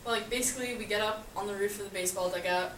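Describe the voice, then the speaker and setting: A woman's voice: medium pitch, rapid-fire. A woman casually telling a funny personal story, chatty and laughing often, filling her talk with "like". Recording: echoey room, far from mic, noisy.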